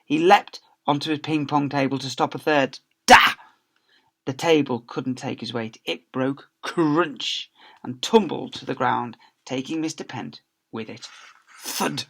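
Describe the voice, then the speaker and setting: A male teacher reading a children's story aloud in a lively, expressive way. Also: medium pitch, unhurried, creaky.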